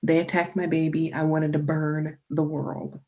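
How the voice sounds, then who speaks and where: A young woman chats casually as a podcast guest, swearing freely as she tells animated stories. Her voice is gravelly, husky and dark. She sounds mellow rather than bright. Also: sits low, normal speed. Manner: animated, profane storyteller. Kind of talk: casual chat.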